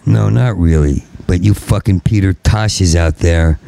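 A man, a stand-up comedian, in a profane rambling rant, stuttering and repeating syllables and swinging into angry shouting. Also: deep voice, unhurried, gravelly, hardly any pauses.

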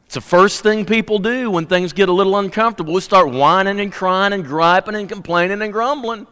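An emphatic, folksy man preaches in a church, swinging from loud, punchy bursts to low, quiet asides. His voice sits fairly high for a man. A long hall reverb trails after each phrase. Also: a little fast, clean tone. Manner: folksy, humorous. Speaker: pastor. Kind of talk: sermon.

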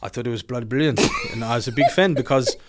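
A man's voice: medium pitch, steady tone, brisk, natural voice. Guy doing a brash south african bloke, mock-serious comic impression. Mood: mock-earnest. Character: blustering South African man, brash and bigoted.

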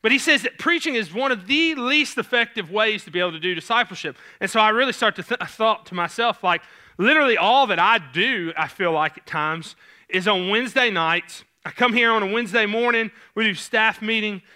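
Southern male youth pastor, easygoing sermon delivery, higher-pitched with a crisp bright tone. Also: expressive, brisk. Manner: casual, conversational preaching with many fillers. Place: church sanctuary stage.

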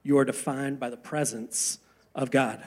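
A man preaching a sermon, earnest, asking rhetorical questions and slowing down for emphasis. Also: mid-range voice, fairly even intonation, darkish tone. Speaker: pastor.

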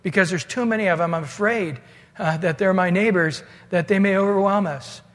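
A man's voice: sits high, brisk, a bit bright. A man playing a fearful king who urgently pushes a prophet to curse his neighbors, with long hall reverb. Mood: pushy. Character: fearful, pushy ancient male king.

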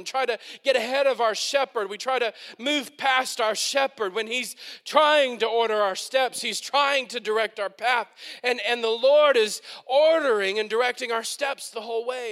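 A man in his thirties preaching a sermon with fervent, repetitive phrasing, rising to shouted peaks and excited whoops. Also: very high voice. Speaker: pastor.

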